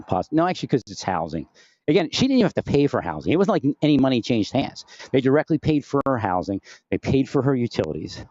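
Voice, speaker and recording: A man's voice: lowish voice, a little mellow, dry recording, dull audio. A man rambling through a personal monologue into his own mic at home, distracted and restarting often. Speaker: vlogger. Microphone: home recording setup with phantom-powered mic.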